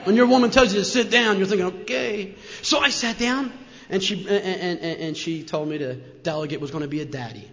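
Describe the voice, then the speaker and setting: A middle-aged man with a New Jersey accent speaks to a crowd in a high, animated voice, peppering his talk with "man." The sound is muffled and carries a long reverb from the hall. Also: a little fast. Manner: animated, says "man" constantly, repeats "and". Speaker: speaker sharing his recovery story. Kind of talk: personal story talk to an audience. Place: large meeting hall with an audience.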